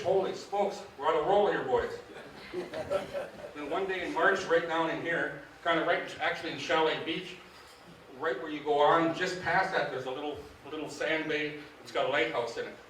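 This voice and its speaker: Middle-aged fishing guide, folksy and animated storyteller, distant mic in a boomy hall. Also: male voice, slight background noise. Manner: folksy, animated, acts out quoted dialogue. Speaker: fishing guide giving a club talk. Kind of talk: casual storytelling to a club audience. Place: meeting hall. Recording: echoey room, distant mic.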